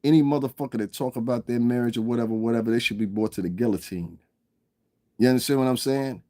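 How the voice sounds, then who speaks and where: A man's voice: medium pitch, quick pace, darkish tone, dry recording, clean studio sound. A man ranting on a casual livestream, profane and rambling, constantly asking if you understand and laughing at his own stories. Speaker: livestream commentator.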